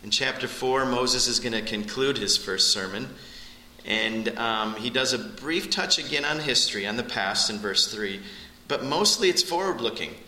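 Male Bible teacher, piercingly bright voice, animated expository style, echoey room. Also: moderate pace, a little hiss or hum. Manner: animated, surges in pitch on key points.

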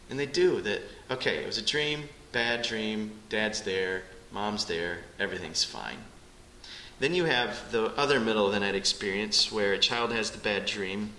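Middle-aged male pastor, bright forceful tone, earnest sermon delivery, roomy church echo. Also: on the low side, a little hiss or hum. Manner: earnest, rises to urgent pleading then drops soft. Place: church sanctuary. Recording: echoey church sanctuary with faint ambience.

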